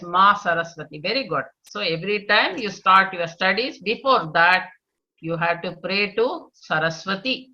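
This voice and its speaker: A woman's voice: mid-range voice, pushed and bright. Patient woman teaching children online. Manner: patient, repeats answers and praises; chants verses slowly for pupils to echo. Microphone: video call. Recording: dull lo-fi online call.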